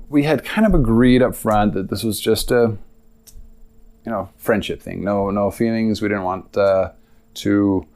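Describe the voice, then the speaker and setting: A man's voice: fairly low pitch, a little mellow, clear, resonant tone. A young man hosting a podcast, telling a personal story in a rambling, casual way with lots of asides. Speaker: podcast host.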